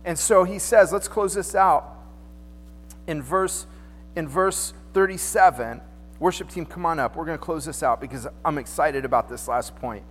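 Speaking at a moderate pace in a voice on the high side, a pastor delivers a sermon inside a church sanctuary. His tone is informal and conversational, he throws out rhetorical questions, and the audio has long hall reverb plus faint music.

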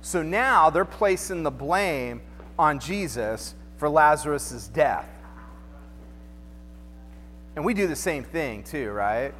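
High-voiced preacher man in a reverberant church. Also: measured pace, a bit bright. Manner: conversational preaching with rhetorical questions. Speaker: pastor. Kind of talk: sermon. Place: church sanctuary. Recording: long hall reverb, faint music behind.

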